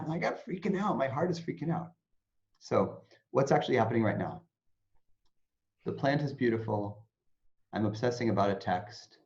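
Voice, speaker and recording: A man, an interview guest who teaches mindfulness, explaining in an animated way and acting out anxious inner voices. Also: fairly low pitch. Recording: dull lo-fi sound.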